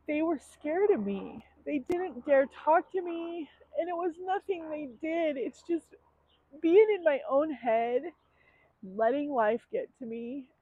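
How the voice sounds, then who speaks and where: A woman's voice: sits high, dry recording. A woman in her thirties telling her own story in a candid, emotional vlog, full of ums and likes. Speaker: vlogger. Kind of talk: personal confessional vlog. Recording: dry, tinny phone-like sound.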